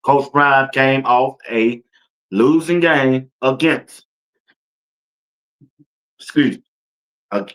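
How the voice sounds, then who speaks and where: On his casual sports commentary livestream, a host draws out his words and leaves long pauses, his mid-range voice a bit bright. He speaks loosely and colloquially, laughing often and talking directly to viewers and chat.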